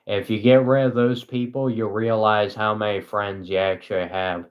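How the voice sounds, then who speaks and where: A young man hosting a casual live stream, talking to his chat in a flat, dry, self-mocking monotone. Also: fairly low pitch, normal speed, highs cut off.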